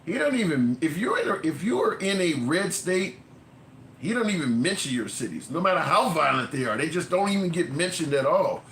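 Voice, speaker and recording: A man hosting a political call-in stream, talking in casual, animated commentary and swearing freely, with his voice jumping up when he is incredulous. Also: on the high side, a little fast, reverberant, a little hiss or hum.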